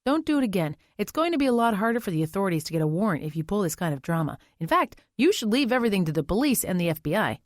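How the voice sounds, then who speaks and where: A woman's voice: medium pitch, big pitch swings, racing, few pauses, no room sound, studio quality, natural voice. A woman voicing a stern male defense attorney who barks orders like a drill sergeant. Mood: stern, commanding.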